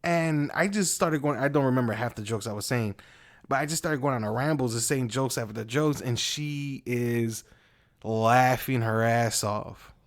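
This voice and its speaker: A man co-hosting a casual podcast who spins stories with crude humor and laughs at his own jokes. His voice sits at a middle pitch. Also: normal speed. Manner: crude, storytelling, laughs a lot. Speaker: podcast co-host. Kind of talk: casual chat.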